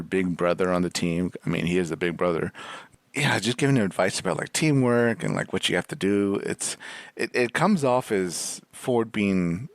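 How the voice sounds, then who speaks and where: A man's voice: low voice, no room sound. A man co-hosting a casual podcast, giving thoughtful, hedging commentary full of filler words. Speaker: podcast co-host.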